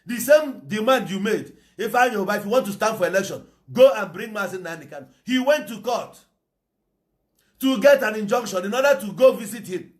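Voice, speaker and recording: A man's voice: high-pitched, lively intonation, fairly quick. A Nigerian man with an Igbo English accent giving a fiery, preachy monologue and slipping into Igbo phrases. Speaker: political commentator. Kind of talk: impassioned monologue.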